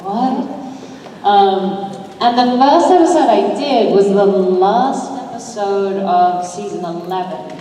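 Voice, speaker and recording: A woman's voice: mid-range voice, a little slow, mellow, slight background noise. A woman, an actress on a fan convention panel, chatting casually and laughing easily. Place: large convention hall. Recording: echoey hall, distant fan recording.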